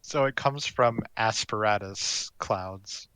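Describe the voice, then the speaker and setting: Male podcast co-host, bright forceful tone, relaxed casual chat. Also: on the low side, slow, clear, resonant tone, no room sound.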